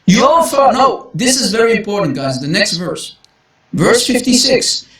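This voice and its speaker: A man's voice: high-pitched, big pitch swings, a little slow, a crowd in the background. A man preaching emphatic Bible commentary, repeating his exclamations and calling his listeners guys. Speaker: Christian preacher.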